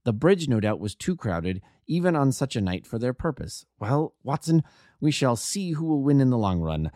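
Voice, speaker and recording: A man reading the part of a grave, proud male detective, speaking low, quiet and measured with bitter resolve. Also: very animated, no room sound, studio quality, natural voice. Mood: determined.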